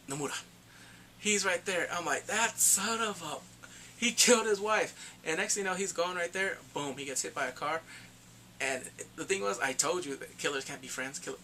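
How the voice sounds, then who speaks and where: A man giving a casual spoken movie review, retelling the plot excitedly and acting out the characters' lines. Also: a little high, a little hiss or hum.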